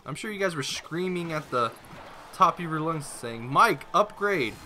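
A man's voice: on the high side, lively intonation, normal speed, sharp tone, slight background noise. A young man giving rambling, self-mocking live commentary while playing a mobile game. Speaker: gaming YouTuber.

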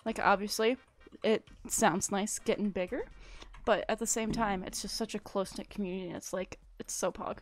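A woman's voice: mid-range voice, fairly even intonation, moderate pace, soft background music. A young woman live-streaming a building game, chatting casually and thanking viewers in a gushing, rambling way. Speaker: livestreamer.

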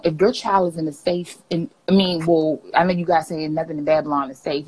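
Low husky woman giving advice. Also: a little mellow, poor audio. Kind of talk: casual chat.

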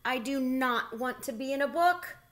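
A woman voicing a timid, fussy young male bear in a read-aloud storybook, anxious and excitable. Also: high-pitched, moderate pace, pitched above the performer's own voice.

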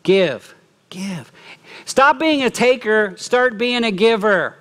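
A middle-aged man preaching a sermon as lead pastor, lively, often acting out quoted remarks. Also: sits high, slow. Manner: animated, acts out quoted speech. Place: church.

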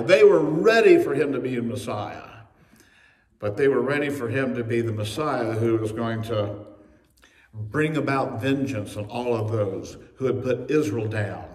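A man preaching a sermon as pastor, telling the story with humorous asides and acting out the quotes. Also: medium pitch. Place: church sanctuary. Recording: echoey church recorded from a distance.

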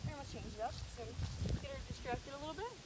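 A woman dog trainer calmly explaining steps while demonstrating training outdoors. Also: high-pitched, fast. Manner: calm, explanatory, coaching. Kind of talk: instructional training demo. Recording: loud outdoor background noise.

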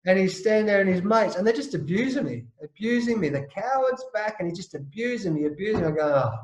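A high-voiced Australian man spins a yarn as an interview guest. He is lively and blokey and slips into the voices of the people in his story. The sound is roomy and echoey. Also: fast. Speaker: interview guest, former captain. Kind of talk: animated anecdotal storytelling.

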